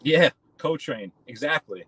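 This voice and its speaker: New guy rambling to his stream from the car, regular pitch, chatty. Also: expressive, unhurried, a bit bright, slightly rough, low-quality recording. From New York. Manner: rambling, chatty, addresses viewers by name. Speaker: live-stream host. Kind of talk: casual chat while driving.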